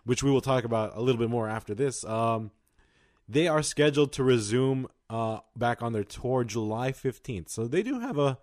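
A man's voice: mid-range voice, expressive, moderate pace, a little mellow, no echo, studio quality. Young man chatting casually on a podcast. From Los Angeles County. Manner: chatty, lots of fillers and likes. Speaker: podcast co-host. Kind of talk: casual chat.

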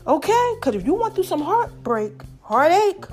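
A woman hosting her own podcast in casual solo talk, chatty and warm with listeners, calling them child and baby, and swinging between loud and soft phrases. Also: extremely high pitch, big pitch swings, moderate pace, soft background music. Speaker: podcast host.

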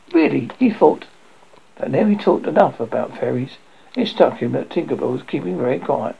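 Storybook reader, halting with restarts, gravelly husky voice, muffled lo-fi sound. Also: medium pitch, sing-song, dark tone. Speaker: audiobook reader. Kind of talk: amateur storybook reading. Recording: dull lo-fi recording.

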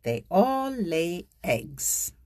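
An older woman hosting a children's podcast, leading sing-song rhymes for babies with playful, exaggerated swoops between high and low. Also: sing-song, extremely slow, a little mellow, dry recording, studio quality.

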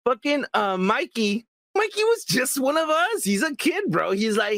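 Excitable, profane man with a high, lively voice. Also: moderate pace, few pauses, dry recording. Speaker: podcast co-host. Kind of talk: casual podcast chat.

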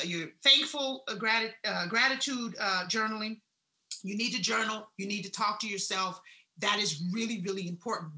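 A woman giving a blunt, salty motivational talk, swinging between loud emphasis and hushed asides. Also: a little high, roomy sound. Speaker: wellness speaker.

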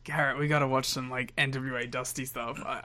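A man's voice: medium pitch, flat delivery, brisk, pushed and bright, no echo. A man co-hosting a casual wrestling podcast, cracking jokes, laughing often and bantering playfully. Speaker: podcast co-host.

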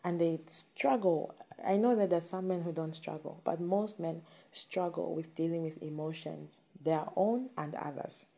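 A woman's voice: deep voice, a little slow, gravelly, dark tone. A woman giving an earnest, emphatic motivational talk to camera, repeating her key points.

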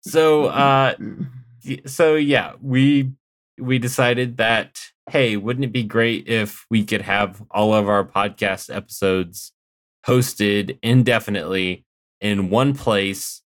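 A man's voice: lowish voice, steady tone, slow, fairly bright tone. A man hosting a podcast in casual chat, easygoing and rambling a little as he explains things. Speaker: podcast host.

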